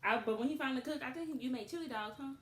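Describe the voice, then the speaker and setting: Animated woman in a roomy echo. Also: sits high, very fast. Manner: animated storytelling, laughs often. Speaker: co-host of couple channel. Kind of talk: casual couple chat. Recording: echoey room with faint noise.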